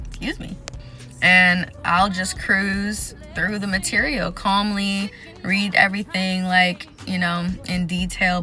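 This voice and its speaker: Chatty bright-voiced young woman. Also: medium pitch. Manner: candid and chatty, lists things off quickly. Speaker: vlogger sharing exam advice. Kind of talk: casual talking-to-camera vlog.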